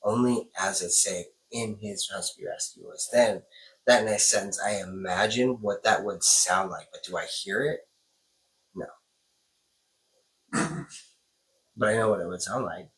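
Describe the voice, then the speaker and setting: A young man chatting casually as a co-host, animated and thinking aloud with restarts. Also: lowish voice, a little slow, pauses often, poor audio. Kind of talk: casual chat.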